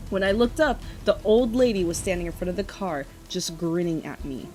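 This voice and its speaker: A woman's voice: mid-range voice, measured pace, mellow, soft background music, low-quality recording. A woman co-hosting a podcast, reading a spooky campfire story aloud in a casual way and often breaking into giggles.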